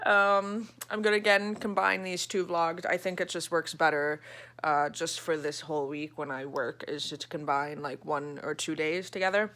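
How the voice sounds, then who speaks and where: A woman talking about her reading in a relaxed vlog ramble. Her voice sits on the low side but sounds bright and forward. She laughs easily and drops in the odd casual swear. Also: normal speed. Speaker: book vlogger.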